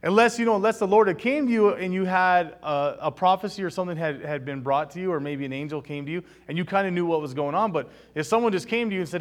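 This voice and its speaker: A man's voice: fairly high pitch, fast talker, few pauses. A man reading a Bible passage aloud and then explaining it in a conversational way, asking his listeners questions. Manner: fillers and restarts in teaching. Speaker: Bible teacher.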